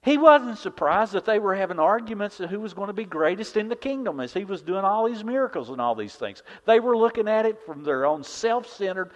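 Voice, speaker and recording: A man preaching a sermon as pastor, impassioned, swinging from loud declarations to hushed, intimate lines. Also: sits high, big pitch swings, brisk, few pauses. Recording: dull, reverberant hall sound.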